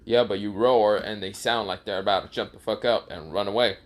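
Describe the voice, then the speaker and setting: A man voicing a blunt, deadpan young male ninja in a fan-told story, giving flat, casual orders with some swearing. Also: on the low side, brisk, pitched below the performer's own voice, lightly acted.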